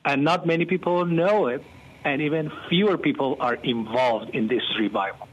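A man, a pastor being interviewed, telling stories animatedly and given to excited outbursts. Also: a little high, moderate pace, a little hiss or hum. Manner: animated, bursts into excited exclamations. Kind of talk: storytelling interview talk. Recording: muffled lo-fi.

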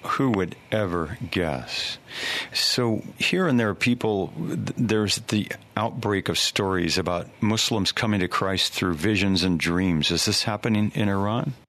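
Low-voiced male interview host. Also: unhurried, a bit bright, no room sound. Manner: interested, questioning.

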